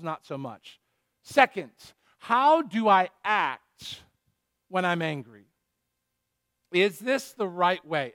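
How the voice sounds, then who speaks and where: Man, pastor preaching, high voice, unhurried, pointed questions, dry close sound. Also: a bit bright, dry recording. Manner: earnest, asks the congregation pointed questions. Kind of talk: sermon.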